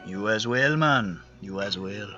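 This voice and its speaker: A man's voice: on the low side, animated, unhurried, highs cut off, over loud music. A man voicing a friendly male scholar, putting on a Jamaican accent and talking in an easygoing, chatty way. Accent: Jamaican, put on.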